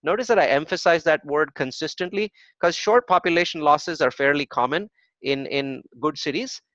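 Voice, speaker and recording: A man's voice: a little high, normal speed, a bit bright, no echo. Emphatic male real estate workshop instructor. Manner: emphatic, asks rhetorical questions and answers them; tags points with "right?". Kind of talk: live workshop presentation with web demos. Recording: dull, dry lo-fi recording.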